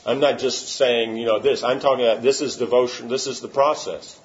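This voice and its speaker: A man speaking fairly quickly, with medium pitch and fairly even intonation, gives an informal religious talk in the role of spiritual teacher. He answers questions emphatically, often checking that listeners follow with "you know what I'm saying?" The recording is muffled and lo-fi.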